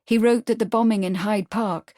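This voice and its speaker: Woman, audiobook narrator, steady, even, scripted narration, dry studio sound. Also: mid-range voice, normal speed, no room sound.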